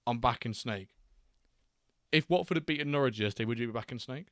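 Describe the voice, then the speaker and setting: A man's voice: mid-range voice, quick pace, fairly bright tone, dry recording. Streamer guy reading chat and joking around, mid voice, dead dry mic. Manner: jokey banter, frequent laughs. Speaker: streamer host of a watchalong. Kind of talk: casual live-stream chat, reading chat aloud.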